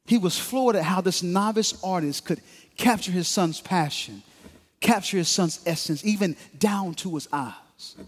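High-voiced preacher telling a story. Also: male voice, lively intonation, big-room sound. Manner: dramatic, measured storytelling. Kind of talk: sermon illustration storytelling. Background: music.

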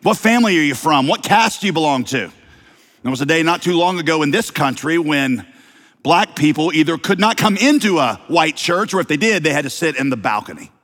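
Southern guy pastor preaching, kinda high voice, joking around between points, big echoey church sound. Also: lively intonation, a little fast, fairly bright tone. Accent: slight Southern American. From American South. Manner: conversational preaching with humor and rhetorical questions. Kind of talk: sermon. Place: church sanctuary.

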